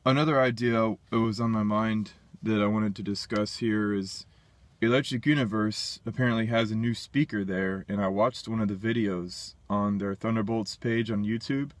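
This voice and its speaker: Blunt low-voiced man, dry sound. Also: dry recording. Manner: blunt, dismissive, thinking aloud with restarts. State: burping. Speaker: independent science commentator. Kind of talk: casual solo monologue.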